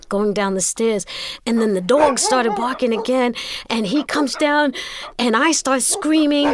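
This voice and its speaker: A woman telling a personal story as an interview guest, animated and stammering into repeats. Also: a little high, a little slow, a little hiss or hum. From Brooklyn, New York. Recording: music playing underneath.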